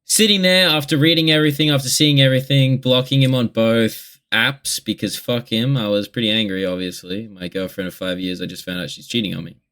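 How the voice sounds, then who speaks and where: Man, young adult, low voice, casual confessional vlog, rambling, lots of swearing. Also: flat delivery, brisk, hardly any pauses, a bit bright. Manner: rambling, heavy swearing, candid. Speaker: vlogger.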